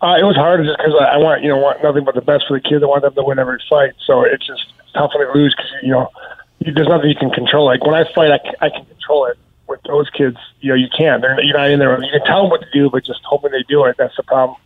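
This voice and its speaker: A man calling in to a casual interview, answering in a relaxed way with many fillers, over a tinny phone line. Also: medium pitch, quick pace. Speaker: caller, athlete guest.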